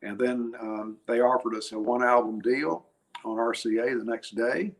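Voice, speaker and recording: An older man, a guest musician, telling anecdotes in an interview in a chatty, animated way, laughing and restarting his phrases. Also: mid-range voice, moderate pace.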